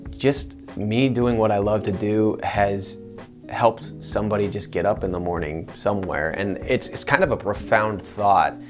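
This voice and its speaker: A man, a voice actor, answering interview questions in an earnest, animated way. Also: fairly low pitch.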